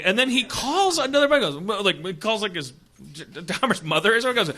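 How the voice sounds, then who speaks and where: High-voiced man telling a rambling story. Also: very animated, brisk, bright, forceful tone. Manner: rambling, laughing as he tells. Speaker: podcast host. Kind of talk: comedic storytelling chat. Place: stage before a live audience. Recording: live show with audience.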